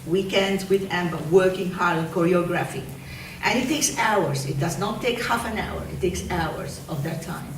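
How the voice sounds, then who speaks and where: A woman teacher giving an award speech at a school ceremony, telling a story with halting restarts. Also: on the low side. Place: school hall. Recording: echoey room, distant from mic, faint noise.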